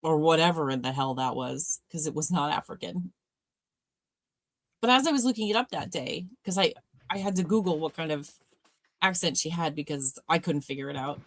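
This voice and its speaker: A woman's voice: low voice, normal speed, no echo. A woman co-hosting a livestreamed movie watch party, chatting casually, laughing often and trailing off mid-sentence. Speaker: livestream co-host.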